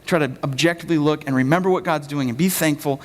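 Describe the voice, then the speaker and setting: A young man giving a sermon as pastor, talking casually and joking, acting out quotes in lively voices. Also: on the high side, fast. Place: church hall. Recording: long hall reverb.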